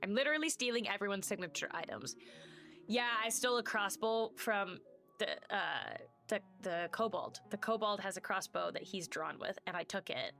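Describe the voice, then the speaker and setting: A woman streaming a game, chatting in an excitable, playful way with quick asides. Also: medium pitch, faint music behind. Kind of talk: casual let's-play commentary.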